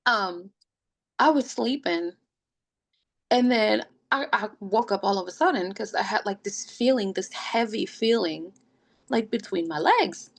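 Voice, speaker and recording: A woman sits at home telling her story on a podcast. She talks casually and with energy, and her voice sits at a medium pitch. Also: a little slow, creaky. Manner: lively, acts out quoted voices. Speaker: podcast guest.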